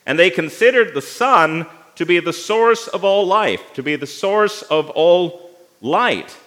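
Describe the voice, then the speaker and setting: A man preaching a sermon, slow and dramatic, with phrase endings that fall away to a near whisper. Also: sits high, lively intonation, a bit bright. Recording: long reverb of a hall.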